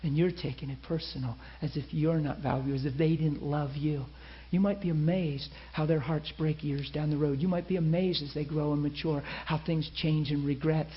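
A man's voice: on the high side, steady tone, normal speed, hardly any pauses, muffled recording. A man preaching a sermon, telling a story and acting out the people in it.

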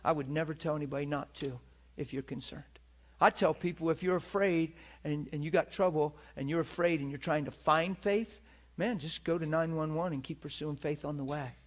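A man's voice: on the high side, normal speed. A middle-aged man preaching a storytelling sermon, acting out voices and crying out in places. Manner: animated, acts out voices and cries out.

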